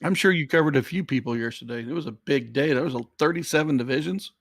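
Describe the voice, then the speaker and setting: Gravelly teasing darts co-commentator, male. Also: fairly high pitch, quick pace, no echo. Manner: teasing, dry humor. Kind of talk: live sports commentary banter.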